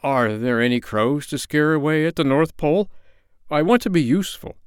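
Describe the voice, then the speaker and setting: A man voicing a forlorn, timid scarecrow with a high, pleading voice in a storybook reading. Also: very animated, moderate pace, clean tone, no room sound, studio quality. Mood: anxious.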